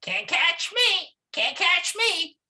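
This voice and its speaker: A man's voice: very high-pitched, big pitch swings, slow, sharp tone, pitched above the performer's own voice, exaggerated voice. A man voicing a small cheeky monkey who taunts an alligator in a sing-song way. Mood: teasing.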